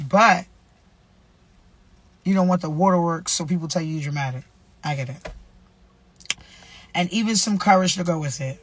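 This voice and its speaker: A woman's voice: low-pitched, normal speed, long pauses, dry recording. A woman, casually sharing faith advice and reading a devotional aloud, repeating herself and using slang. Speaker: vlogger running a nonprofit.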